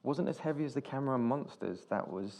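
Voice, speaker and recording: A man's voice: medium pitch, expressive, quick pace, mellow. A British man, a film director, telling anecdotes on stage in a rambling way, with restarts and casual swearing. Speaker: film director, interview guest. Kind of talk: live on-stage conversation.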